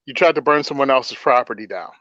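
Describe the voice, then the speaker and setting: A man's voice: medium pitch, fast talker, sharp tone, no echo, dull audio. A man hosting a casual political chat, blunt and sarcastic, often laughing at his own points. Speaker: podcast host.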